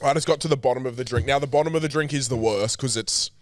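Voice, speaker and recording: Man, podcast co-host, casual banter, quick swearing reactions, mid pitch, dry close mic. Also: dry recording. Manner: reacts with short swears and quips. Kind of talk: casual chat.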